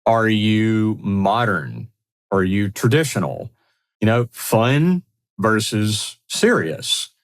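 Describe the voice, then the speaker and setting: Male podcast co-host, lowish voice, upbeat and affirming. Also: sing-song, slow pace. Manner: upbeat, affirming, builds on points. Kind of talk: casual podcast discussion.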